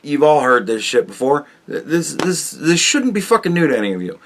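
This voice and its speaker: A man on his own show, ranting and swearing about politics. His pitch jumps all over, swinging from loud, high outbursts to low mutters. His voice sits a little high for a man. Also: sing-song, a little fast, slight background noise. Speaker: podcast host.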